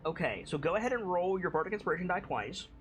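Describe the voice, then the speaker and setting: A man's voice: high voice, sing-song, quick pace. A man running a tabletop game as game master, describing scenes in a laid-back way with lots of "like"s.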